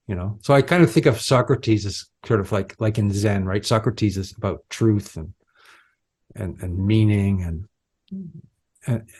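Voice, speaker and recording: A man co-hosting a podcast, talking through ideas in a reflective, halting way with many restarts. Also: lowish voice, a little mellow. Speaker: podcast co-host. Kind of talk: casual philosophical conversation.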